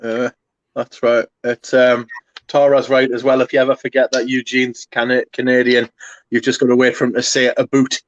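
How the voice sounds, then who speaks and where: A man with an English accent trades dry, teasing remarks on a stream. His voice sits at a mid pitch and comes through a dull, lo-fi microphone with a dry sound and no room echo. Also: little pitch movement, moderate pace. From England. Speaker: stream co-host. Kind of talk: casual chat.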